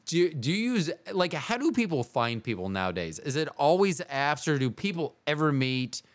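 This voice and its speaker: A man's voice: on the high side, big pitch swings, moderate pace, no room sound. A man hosting a podcast, asking long, rambling, self-correcting questions with goofy jokes. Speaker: podcast host. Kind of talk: casual interview.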